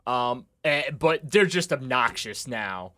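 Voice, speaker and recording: Brief: male sports talk host, bright forceful voice, sarcastic ranting. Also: medium pitch, expressive, slow pace. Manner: sarcastic, ranting, dry jabs. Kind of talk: casual sports talk banter.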